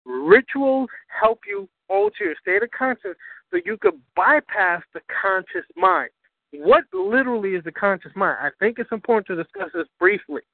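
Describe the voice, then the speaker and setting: A man's voice: high-pitched, gravelly, no echo, phone-quality sound. A man hosting a talk show on spirituality. He talks emphatically, swears freely and keeps asking his listeners whether they understand. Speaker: host.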